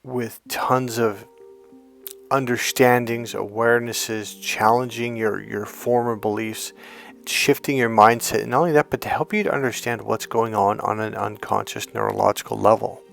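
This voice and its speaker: A man coaching on dating in a blunt, profane monologue, telling animated stories. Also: lowish voice, normal speed, creaky, soft background music. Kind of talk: monologue to camera.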